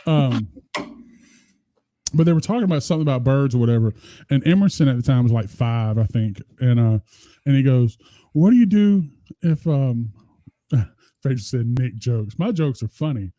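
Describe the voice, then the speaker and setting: A man's voice: mid-range voice, expressive, normal speed, long pauses, mellow, dry recording. A man, co-hosting a podcast in casual, profane, joking chat. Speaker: podcast co-host.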